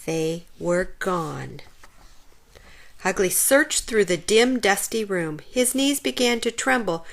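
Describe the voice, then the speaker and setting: Animated woman reading a kids' story. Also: medium pitch, slow, vocal fry. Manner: expressive, animated. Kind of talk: children's storybook read-aloud.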